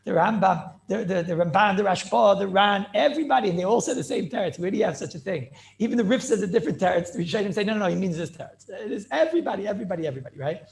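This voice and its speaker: A man, a rabbi, teaching a Talmud class over a video call in an excited, rapid way, repeating himself and asking rhetorical questions. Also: high voice, creaky. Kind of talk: animated yeshiva-style lecture.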